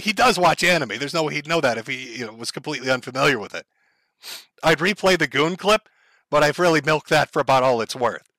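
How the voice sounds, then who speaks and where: A man's voice: a little high, sharp tone, no echo. A man commenting on a clip for his stream chat, blunt and profane. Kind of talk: reaction commentary.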